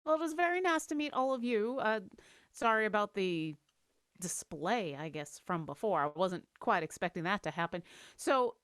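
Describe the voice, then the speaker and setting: A woman taking part in a tabletop role-play, speaking in a polite, measured way. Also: mid-range voice, expressive, fairly bright tone, dry recording, studio quality. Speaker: player.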